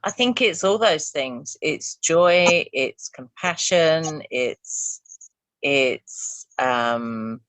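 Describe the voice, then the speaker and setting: A woman's voice: low-pitched, lively intonation, drawn-out words, a bit bright, dry recording. A woman co-hosting a casual podcast chat, often reacting with short interjections and laughs. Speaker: podcast co-host.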